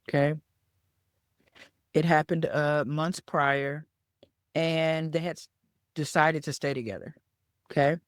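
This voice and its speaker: A woman who is a business coach hosts a solo podcast, teaching through a conversational story and repeatedly checking in with "okay?" and "right?" She repeats words for emphasis, and her low-pitched voice is captured in a dry, clean studio recording.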